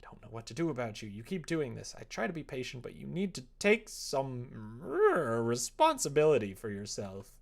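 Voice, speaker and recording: A man's voice: mid-range voice, wildly swooping pitch, normal speed, creaky, few pauses, exaggerated voice. A tired, worried mother, pleading and weary, as a man reads her lines from a game. The voice stays close to his own mid-range speech and is delivered plainly.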